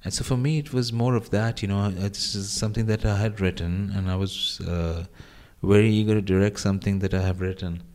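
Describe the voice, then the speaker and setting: A man from Mumbai, a film director answering interview questions in a measured way. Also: lowish voice, steady tone, darkish tone. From India, Mumbai. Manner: measured, with frequent fillers and restarts.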